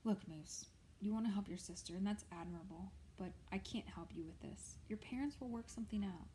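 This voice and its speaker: A woman's voice: medium pitch, fairly quick, dark tone, a little hiss or hum, close to an everyday voice. A woman reading as a stern prison warden. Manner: firm, clipped, authoritative. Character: stern middle-aged male prison warden.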